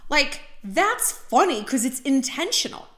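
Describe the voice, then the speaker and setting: A woman vlogger giving casual dating advice in a chatty monologue, full of "like" and quick asides. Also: high voice. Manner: talkative, heavy use of "like", animated asides. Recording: roomy echo.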